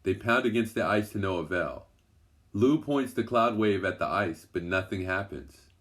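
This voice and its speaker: Low-voiced man reading a children's story. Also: lively intonation, moderate pace, a bit bright. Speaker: storybook narrator.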